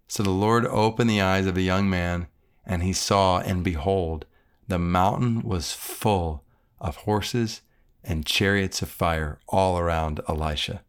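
A man's voice: low voice, steady tone, unhurried, smooth. A man who is a pastor, reading scripture and then leading an earnest, reflective prayer.

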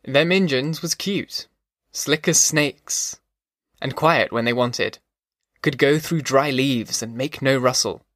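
A man's voice: medium pitch, slow pace, fairly bright tone, no echo, clean studio sound. A man voicing an old male army veteran who tells a haunted, folksy story around a campfire. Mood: rueful.

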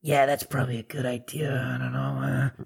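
A man's voice: mid-range voice, big pitch swings, fairly quick, vocal fry, husky, full character voice. A man voicing a gullible male goblin soldier who is easily talked into things, in a tabletop game. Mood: agreeable.

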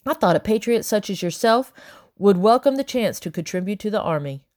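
A woman's voice: mid-range voice, lively intonation, fairly quick, darkish tone, voice pushed up, close to an everyday voice. A woman reading as a stern officer. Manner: stern, formal and clipped. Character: stern male patriot officer making an arrest.

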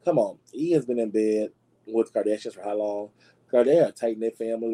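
Sassy man dishing gossip, mellow tone. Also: a little fast, poor audio. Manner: sassy, dramatic, addresses listeners as y'all; swoops into high squeals for emphasis. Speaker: podcast host. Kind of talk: casual gossip commentary.

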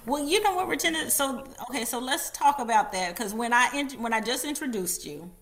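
A woman's voice: fairly high pitch, animated, fairly quick, fairly bright tone. A woman hosting a casual interview, asking questions and affirming her guest often. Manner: encouraging, lots of affirming fillers. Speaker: interview host.

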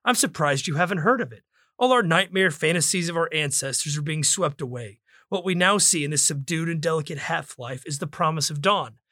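A man's voice: a little high, brisk, pushed and bright, dry recording, clean studio sound. A man reading aloud as a cultured, clean-shaven intellectual who lectures condescendingly.

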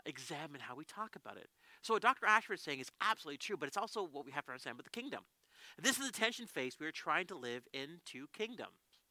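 A man preaching a sermon as a pastor, telling stories in an animated way with frequent restarts. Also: on the high side, no room sound. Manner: animated storytelling with many restarts.

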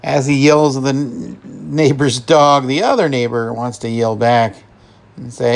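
A male podcast host recaps a film at a slow, unhurried pace. He chuckles often and pauses with fillers. His voice sits at a middle pitch. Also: gravelly.

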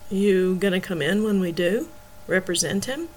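A woman's voice: mid-range voice, normal speed, lightly acted, low-quality recording. Woman reading a furious woman attorney. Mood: restrained fury. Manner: restrained rage.

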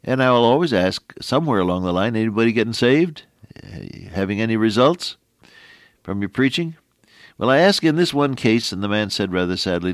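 A middle-aged man preaching a folksy radio sermon, quoting scripture in an animated way. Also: lowish voice, brisk, no room sound, studio quality.

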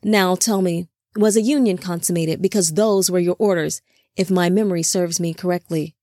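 A woman's voice: fairly low pitch, steady tone, normal speed, dark tone, no echo, clean studio sound, lightly acted. A woman reading the part of a smug, cruel male angel leader who mocks and commands his soldiers. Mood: mocking. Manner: mocking, commanding.

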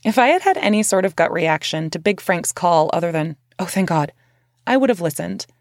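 A woman's voice: lowish voice, expressive, a little fast, no room sound, clean studio sound. A woman reading her memoir aloud as narrator, in a candid, conversational way with casual swearing.

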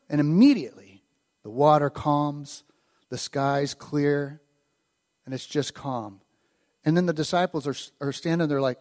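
Male preacher, informal storytelling delivery, a touch high-pitched, acts out the quotes. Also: normal speed, darkish tone. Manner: conversational, acts out quoted lines with rising animation. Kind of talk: casual storytelling sermon.

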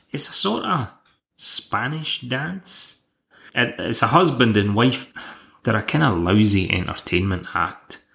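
A man's voice: fairly low pitch, gravelly, fairly bright tone. A man hosting a podcast, recapping an episode in a dry, wry, casual way. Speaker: podcast host.

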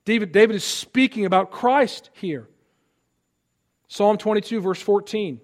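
A man's voice: high-pitched, unhurried, long pauses. A male pastor preaching a sermon, reading scripture aloud and building earnest emphasis on key lines.

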